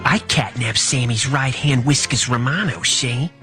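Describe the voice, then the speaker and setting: A woman's voice: rumbling low, a little slow. A woman voicing a tough male gangster cat boss who talks like an old-movie mobster, in a played clip with music behind. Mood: menacing. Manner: gruff old-movie mobster talk, ends lines with "see?".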